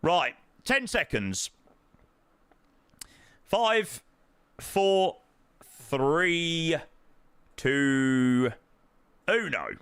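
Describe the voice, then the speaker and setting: A man chatting casually to his live-stream viewers as he plays, thanking supporters and reacting loudly to his own guesses. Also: a little high, drawn-out words, pauses often, clean tone, no room sound. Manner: excitable, swings between muttering and loud outbursts. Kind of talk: casual live-stream chat while playing.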